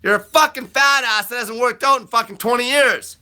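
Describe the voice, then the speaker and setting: High, bright shouting ranter, man. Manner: profane, blunt, aggressive; fast bursts of shouting. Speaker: host answering viewer questions. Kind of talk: live Q&A rant.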